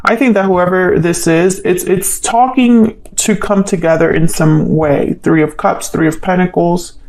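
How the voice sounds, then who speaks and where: A woman's voice: fairly low pitch, measured pace, darkish tone, rough recording. Woman thinking aloud through a tarot reading. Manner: thinks aloud, hesitant, questions the cards. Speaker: tarot reader. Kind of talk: solo tarot reading to camera.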